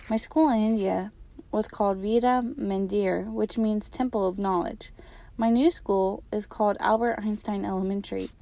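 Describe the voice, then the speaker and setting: A woman teacher reading the first chapter of a children's novel aloud, in a calm, measured way. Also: mid-range voice, gravelly.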